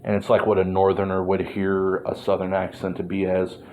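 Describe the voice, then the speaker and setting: A man with a deep, monotone voice rambles through a casual vlog, drifting off track, swearing freely and padding his talk with "um" and "you know." A faint hiss sits under the recording. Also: a little fast. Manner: meandering, filler-heavy, profane. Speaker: vlogger. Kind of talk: rambling monologue.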